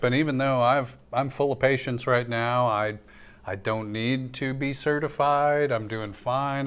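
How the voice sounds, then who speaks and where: Guy hosting a live cannabis stream, smooth clear voice, chatty and upbeat. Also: medium pitch, a bit bright. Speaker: host. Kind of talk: live-streamed talk show chat.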